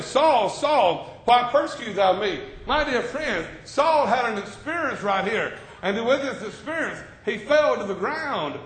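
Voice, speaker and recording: A high-voiced male preacher gives a sermon in a church classroom with a board. He shifts from easy talk to loud bursts and soft asides. His voice echoes around the room.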